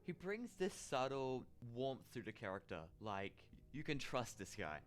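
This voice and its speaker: A man's voice: mid-range voice, sing-song. A man narrating a scripted, opinionated ranking of actors over music. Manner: brisk, opinionated.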